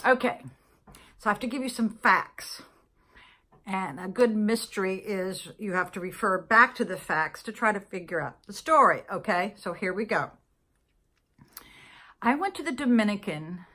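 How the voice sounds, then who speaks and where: A woman's voice: medium pitch, sharp tone. A middle-aged woman vlogger telling a long personal story in a casual, exasperated, chatty way, checking in with listeners as she goes. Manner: exasperated, chatty, full of asides like "okay?".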